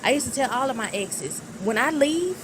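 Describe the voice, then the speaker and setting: A woman's voice: sits high, lively intonation, normal speed, noisy background. A woman guest talking emphatically and bluntly in a casual chat. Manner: outspoken and emphatic, laughs.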